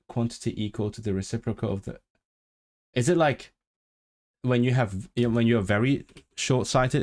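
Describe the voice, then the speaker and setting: A man's voice: mid-range voice, a little mellow. A man hosting a casual livestream, reading viewer comments and sounding out foreign words with many restarts and repeated words. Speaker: livestream host.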